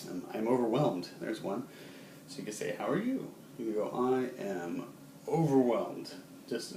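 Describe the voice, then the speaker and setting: A man teaching a casual video lesson in a relaxed way, with many ums, who acts out short example phrases. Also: mid-range voice. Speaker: sign language teacher. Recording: roomy, distant, faint background hum.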